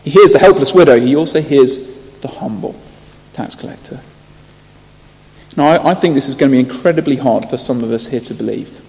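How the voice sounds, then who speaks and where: Earnest preacher in a reverberant church hall. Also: male voice, fairly high pitch. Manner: earnest, storytelling, rising to loud emphasis. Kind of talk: sermon.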